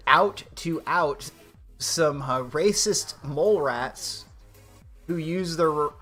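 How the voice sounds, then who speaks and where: A man's voice: on the high side, pushed and bright. A man hosting a casual livestream, ranting sarcastically and swearing often. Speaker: livestream host.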